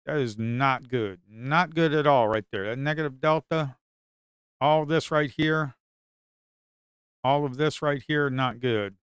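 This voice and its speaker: Male trader streaming live, mutters, repeats himself, curses; smooth, close, dry sound. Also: mid-range voice, measured pace, no room sound. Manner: talks to himself and viewers, repeats phrases, swears. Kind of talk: live trading commentary.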